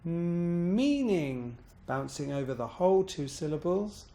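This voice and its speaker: A man coaching voice exercises, calmly explaining each step and demonstrating pitch bounces on words. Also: unhurried. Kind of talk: instructional voice exercise demo.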